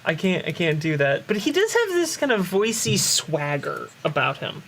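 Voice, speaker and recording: A woman talks casually while she plays a game, her pitch rising and falling in lively swings. She chats and giggles easily, with a faint hiss behind her voice. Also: normal speed. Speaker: game streamer. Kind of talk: casual gameplay chat.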